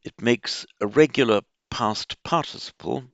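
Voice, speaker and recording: A man giving an informal lecture on Buddhist texts, explaining word roots slowly with many fillers and restarts. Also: medium pitch, vocal fry, fairly bright tone, dry recording. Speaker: teacher of Pali and Buddhist texts. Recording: dull, muffled lo-fi sound.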